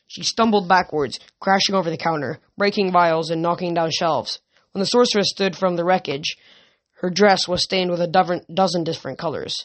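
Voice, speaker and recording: A narrator reads a fantasy novel aloud in an amateur audiobook style. The reading moves along at an even pitch, with occasional slips that get corrected mid-sentence.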